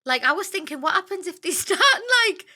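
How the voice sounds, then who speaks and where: A woman hosts a relaxed conversation, chatty and enthusiastic. Her voice sits high and bright. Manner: chatty, enthusiastic, quick asides. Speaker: host. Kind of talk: casual chat.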